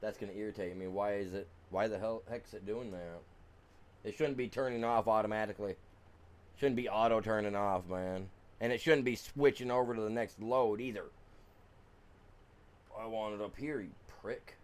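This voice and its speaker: A man's voice: lowish voice, moderate pace. A man streaming a farming game, chatting casually to viewers and grumbling and swearing at the game. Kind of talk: casual live-stream commentary.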